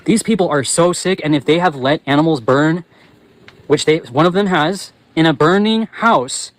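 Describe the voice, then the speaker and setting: A man with a slightly high voice rants to his viewers, angry and profane, now and then breaking into yells. He talks on the move as he walks along, hosting his own channel. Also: normal speed, dry recording, rough recording. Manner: angry, profane, yelling at times; talks while walking. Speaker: channel host. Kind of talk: ranting livestream monologue.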